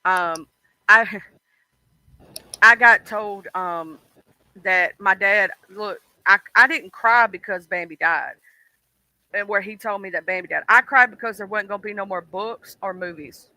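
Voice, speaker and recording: A man's voice: sits high, unhurried, sharp tone, no room sound, poor audio. A man hosting a stream, chatting casually and rambling with lots of ums and "you know"s, laughing as he tells childhood stories. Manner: laughs and acts out childhood voices. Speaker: stream host. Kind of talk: casual chat.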